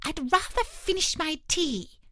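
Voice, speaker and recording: A woman's voice: high voice, expressive, dry recording, studio quality, pitched above the performer's own voice. Woman voicing an anxious flustered hatter. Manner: nervous, hurried. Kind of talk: storybook reading.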